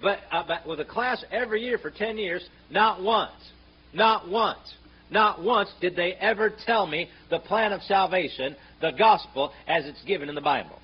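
A man preaching a fiery sermon, sarcastic and mocking, rising to shouts when he quotes scripture. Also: sits high, moderate pace, breathy edge. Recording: muffled, slightly noisy sermon recording.

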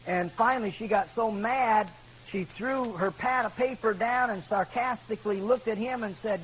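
A male pastor preaching emphatically, calling out "amen" to the congregation and swinging from loud to hushed. The recording is dull and lo-fi, with a faint hum. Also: sits high, moderate pace. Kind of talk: sermon.

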